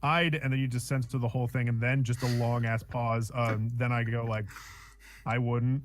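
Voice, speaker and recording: A man's voice: medium pitch, flat delivery, moderate pace, a little hiss or hum. A man co-hosting a casual podcast, sarcastic and joking, breaking into mock rants. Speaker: podcast co-host. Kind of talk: casual chat.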